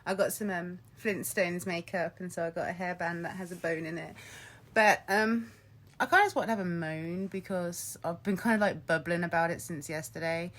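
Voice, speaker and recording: A young woman vents to her camera in a casual, chatty rant. Her voice sits a little low, and she swears freely, with quick laughs between stories. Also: fairly even intonation, a bit bright. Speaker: vlogger.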